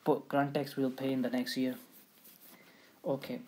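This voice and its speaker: A man tutoring accounting, talking haltingly with many restarts and acting out little dialogues. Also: medium pitch, flat delivery, a little mellow, poor audio. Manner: halting, repeats and restarts phrases; acts out dialogues with a tax office. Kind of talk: explaining an exam topic.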